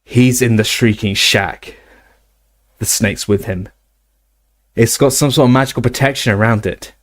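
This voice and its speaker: A man's voice: medium pitch, measured pace, natural voice. A man voicing a determined teenage boy wizard hero in an audiobook reading, earnest and urgent.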